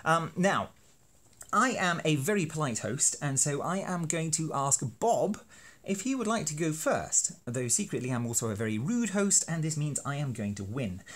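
A man's voice: fairly high pitch, sing-song, normal speed, a bit bright. A man explaining a teaching card game in a playful, self-deprecating, hammy way. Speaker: university lecturer making teaching videos. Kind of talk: educational explainer.

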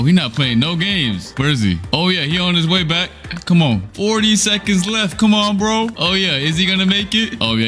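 A man's voice: medium pitch, fairly bright tone. A young man giving casual, playful gameplay commentary, teasing other players with slang and frequent laughter. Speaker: gaming video creator. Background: faint background music.

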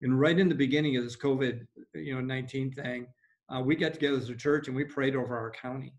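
A male pastor talks casually over a video call. He sounds upbeat and chatty, with plenty of fillers. His voice sits at an ordinary middle pitch for a man. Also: steady tone, fast, dull audio.

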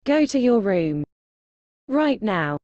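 A woman's voice: mid-range voice, sing-song, slow, darkish tone, dry recording, lo-fi sound. An actress in her thirties playing a self-assured mother who always has a comeback, in a TV drama. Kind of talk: TV drama acting.

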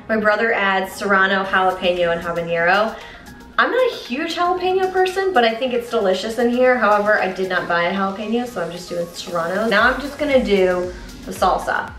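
A woman's voice: medium pitch, a bit bright. A woman hosting a casual cooking video in her home kitchen, chatty and playful with jokey asides. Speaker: cooking vlogger. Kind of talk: casual cooking demo chat. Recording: roomy echo, mic at a distance, faint music.

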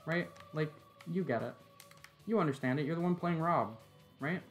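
A man's voice: fairly high pitch, normal speed, faint music behind. A tired man giving laid-back, joking live-stream commentary while he plays a game, swearing and chuckling often.

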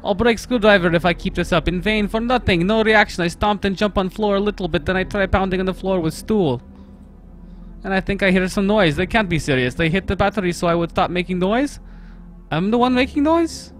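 A man's voice: sits high, fairly quick, soft background music, natural voice. A man voicing a nervous, sarcastic young Russian man alone at night, with a put-on Russian accent and broken English while reading a visual novel aloud. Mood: exasperated.

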